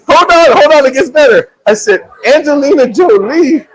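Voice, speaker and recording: High-voiced animated male storyteller. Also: unhurried, low-quality recording. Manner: animated storyteller, acts out quotes, laughs often. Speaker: show host. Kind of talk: casual live-stream storytelling. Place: restaurant.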